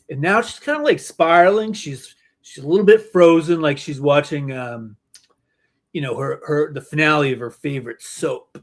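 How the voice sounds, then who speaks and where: A male podcast host in casual chat whose pitch rises and falls freely. He rambles through a joking story, restarting his sentences as he goes. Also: animated, normal speed.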